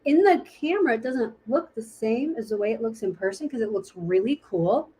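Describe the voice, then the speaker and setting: A woman's voice: a little high, lively intonation, brisk, warm tone, a little hiss or hum. Chatty woman demonstrating makeup. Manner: chatty, thinking aloud while searching for products. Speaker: makeup presenter. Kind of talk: casual live makeup tutorial.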